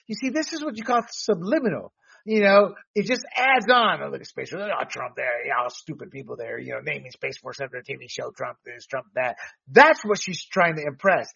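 A man hosting a political commentary podcast, talking in an animated, rambling way with restarts and laughs. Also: fairly high pitch. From Latino background. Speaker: podcast host. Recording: dull lo-fi sound.

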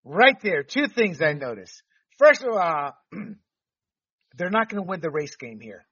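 A man's voice: sits high, big pitch swings, unhurried, pushed and bright, slightly rough, no room sound, recorded from a distance, dull audio. A man hosting a casual panel talk, giving blunt opinions and mocking people with put-on voices. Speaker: show host.

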